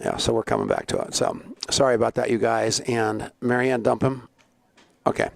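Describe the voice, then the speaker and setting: A man's voice: medium pitch, wildly swooping pitch, moderate pace, creaky, no room sound. A middle-aged man hosting a live online show, chatty and rambling, greeting viewers by name. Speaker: show host.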